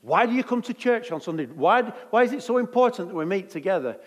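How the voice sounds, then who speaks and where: Jokey preacher. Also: male voice, high voice, fast talker, big-room sound. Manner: jokey, conversational, lively. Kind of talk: sermon.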